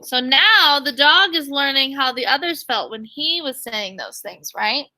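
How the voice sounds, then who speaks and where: A woman with a high, very bright voice teaches a reading lesson over a video call. She reads a picture book aloud in an animated way and asks her class questions. The sound is that of a video call. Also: a little slow.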